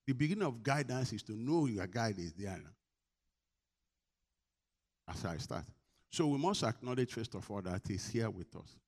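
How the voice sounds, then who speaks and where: A middle-aged man preaches a sermon as pastor. He leads the congregation in repeated call-and-response lines. His delivery swings from quiet, low-pitched asides to loud, rising exhortations. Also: expressive, moderate pace, pauses often.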